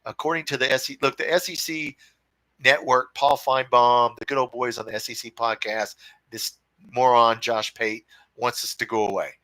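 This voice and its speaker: A fired-up man hosts a fan livestream from home, reading comments aloud and firing back in blunt, profane talk. His voice is bright and forceful, recorded dry and close with no room around it. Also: mid-range voice, fairly even intonation, normal speed, dry recording, poor audio. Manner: blunt, profane and fired-up, calls people brother and dude. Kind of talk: casual livestream chat reading viewer comments.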